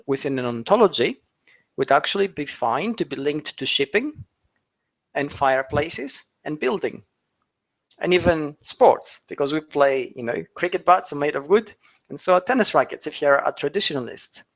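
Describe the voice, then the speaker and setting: A man's voice: on the high side, lively intonation, normal speed, fairly bright tone, dull audio. Man explaining ideas in a rambling way. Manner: rambling with fillers and restarts, rhetorical questions. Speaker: SEO author and speaker. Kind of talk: explanatory talk.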